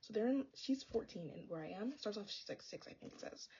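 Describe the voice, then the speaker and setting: Sassy fast-talking young woman. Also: medium pitch, expressive, warm tone, highs cut off, slight background noise. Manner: sassy, exasperated, fillers of "like". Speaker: book vlogger. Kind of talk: casual chatty book review.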